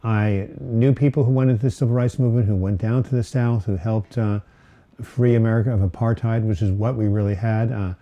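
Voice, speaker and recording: A man's voice: on the low side, fairly even intonation, fairly quick, muffled recording. A man hosting a casual live-stream Q&A, reading viewer questions aloud and rambling with many fillers and restarts. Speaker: host of a live mental health Q&A. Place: home setting, Portland.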